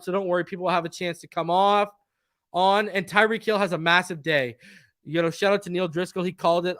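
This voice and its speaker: Hyped high-voiced man hosting. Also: fairly bright tone. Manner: hyped, fast-talking, crowing. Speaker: host of a live post-game stream. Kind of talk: live sports fan show chat.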